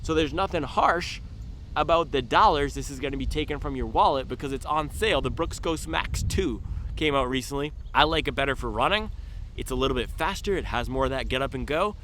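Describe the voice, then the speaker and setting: A man's voice: mid-range voice, fairly bright tone, slight background noise. A man casually reviewing running shoes, talking in a playful way with goofy asides. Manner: playful, goofy asides and drawn-out silly pronunciations.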